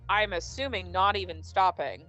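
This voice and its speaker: A woman's voice: mid-range voice, normal speed, bright, forceful tone, soft background music, low-quality recording. A woman hosting a casual livestream chat, rambling with restarts and laughing easily as she reads out questions. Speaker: stream host reading would-you-rather cards.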